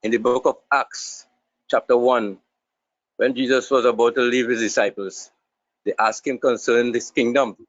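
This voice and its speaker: A man's voice: mid-range voice, steady tone, moderate pace, no room sound. A man in an online Bible class asking a question, hesitant and stumbling over his words. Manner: hesitant, stumbling, many restarts. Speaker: class participant. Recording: dull, dry online call audio.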